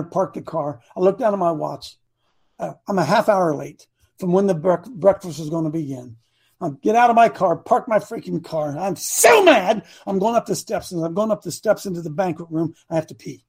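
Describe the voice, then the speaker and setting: Husky high-voiced man preaching a story. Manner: animated, shouts for emphasis. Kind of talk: storytelling sermon.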